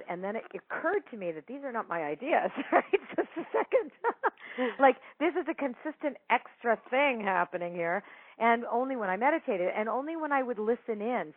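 Chatty female storyteller, animated and laughing, dry tinny phone-line audio. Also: mid-range voice, dry recording. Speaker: psychic medium guest telling a story. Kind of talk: casual storytelling interview.

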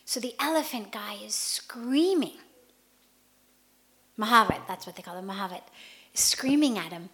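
A woman spiritual teacher hosting a radio talk, telling a parable in an animated way that shifts between hushed and loud passages. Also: a little high, normal speed.

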